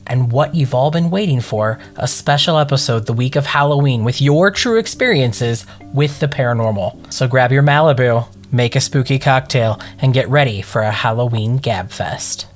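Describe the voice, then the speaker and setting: A man's voice: mid-range voice, moderate pace, few pauses, faint music behind. Chatty, campy male podcast host. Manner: chatty, campy, laughs at himself. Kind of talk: solo podcast monologue.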